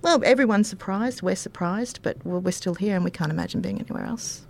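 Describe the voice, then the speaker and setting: A woman with an Australian accent, telling personal stories as an interview guest, in a rambling way with many pauses and fillers. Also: medium pitch, creaky, slight background noise. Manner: rambling, warm-hearted anecdotes with many ums. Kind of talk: casual interview storytelling.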